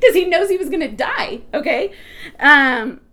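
A woman with a high voice leads an animated Bible teaching. She is excitable, breaks into laughter and often restarts her sentences mid-thought. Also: measured pace. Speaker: preacher.

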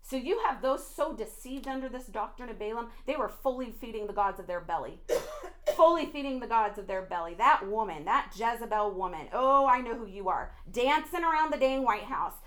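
Fiery high-voiced woman preacher. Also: animated, brisk. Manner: fiery, swings from low intense to loud laughing outbursts. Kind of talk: impassioned sermon.

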